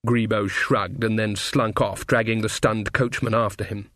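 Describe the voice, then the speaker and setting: A man reading a novel aloud as an audiobook narrator, measured and wry. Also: fairly low pitch, steady tone, fairly bright tone, dry recording, studio quality. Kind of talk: scripted narration.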